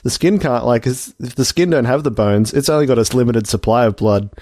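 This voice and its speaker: A man's voice: mid-range voice, a little fast, a little mellow, no room sound, clean studio sound. A young man co-hosting a comedy podcast, telling a long joke in a rambling, giggly way with lots of fillers and asides. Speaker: podcast co-host. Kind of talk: casual comedic chat, retelling a joke.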